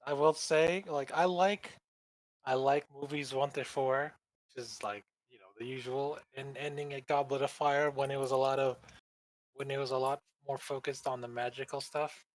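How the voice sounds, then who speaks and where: A man co-hosting a podcast, making deadpan, teasing remarks in casual chat. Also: medium pitch, normal speed, dry recording, poor audio. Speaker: podcast co-host.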